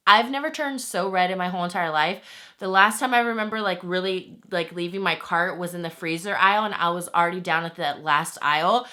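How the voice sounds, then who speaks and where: Bright, chatty young woman vlogger. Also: fairly low pitch, fairly quick. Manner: animated and chatty, lots of "like". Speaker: beauty vlogger. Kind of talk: casual chatty vlog.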